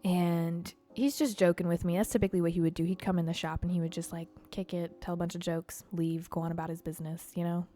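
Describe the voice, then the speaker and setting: A young adult woman hosting a podcast, telling a story in a casual, profane and animated way, acting out the voices of people in it. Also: on the low side, fast talker, hardly any pauses. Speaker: podcast host.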